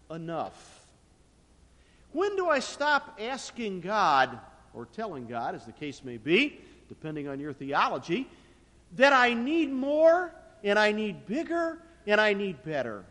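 A high-voiced man preaching a sermon, his delivery swinging widely in pitch and loudness for emphasis. His voice carries a long echo from a large church sanctuary. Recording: long reverb of a large hall.

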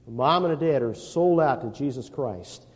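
A man preaching a sermon as pastor, emphatic, with dramatic pauses, reading scripture aloud. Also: mid-range voice, expressive. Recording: long hall reverb.

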